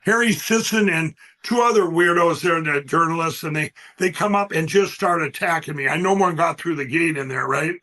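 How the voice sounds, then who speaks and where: A man's voice: on the high side, normal speed, few pauses, bright, forceful tone. A man, a guest on a talk show, telling stories in a rambling, emphatic way and acting out what others said. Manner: rambling, emphatic, acts out quoted voices. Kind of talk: animated interview storytelling.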